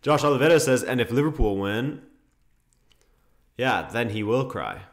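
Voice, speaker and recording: A man's voice: medium pitch, animated, moderate pace. A young man hosting a football watchalong stream, chatting casually, reading viewer comments and reacting to the match with laughs and exclamations.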